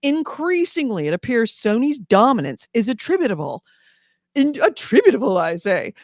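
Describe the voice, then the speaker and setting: A woman's voice: a little high, big pitch swings, normal speed, dry recording, clean studio sound. A woman putting on a pompous old-fashioned male senator voice that blusters and keeps saying "I say". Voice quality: blustering, repeats "I say". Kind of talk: comedic impression in a news chat.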